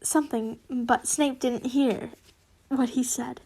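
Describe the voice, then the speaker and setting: Young woman, high voice, slow giggly read-aloud of fan fiction, trips and fixes her words. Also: fairly even intonation, gravelly, warm tone, breathy edge. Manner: giggly, stumbles and corrects herself.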